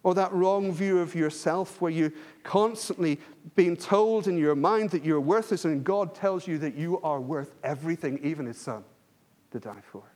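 A man with a notably high voice delivers a sermon to his congregation. He speaks earnestly, pressing his points through repetition and frequent restarts. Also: moderate pace, darkish tone. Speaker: preacher.

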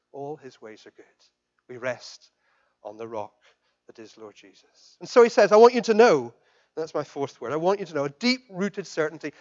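A man preaching a sermon as pastor, swinging from loud emphatic declarations down to soft, quiet questions. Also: a little high, muffled recording. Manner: impassioned, rising to loud emphatic declarations then dropping soft.

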